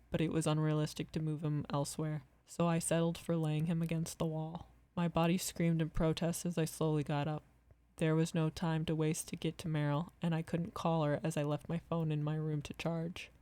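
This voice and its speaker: Woman calmly narrating a horror story. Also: low-pitched, no room sound.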